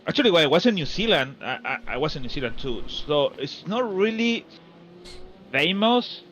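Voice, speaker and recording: A man co-commentating a race in casual chat, halting and restarting with non-native phrasing. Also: on the high side, big pitch swings, a bit bright, muffled recording, slight background noise.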